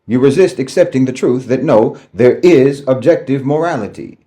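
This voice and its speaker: A man lecturing the listener directly in a measured monologue. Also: medium pitch, dark tone.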